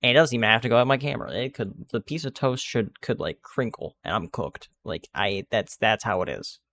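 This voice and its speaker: A man's voice: mid-range voice, a little fast, fairly bright tone. A man giving casual gameplay commentary, rambling and restarting sentences with many fillers. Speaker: gaming video creator.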